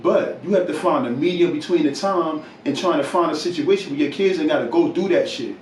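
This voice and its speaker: A man's voice: a little high, fairly quick, a little hiss or hum. A man from New Jersey in casual podcast talk, emphatic and lecturing, repeating himself to drive each point home. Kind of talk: casual talk, preaching advice. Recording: roomy distant mic.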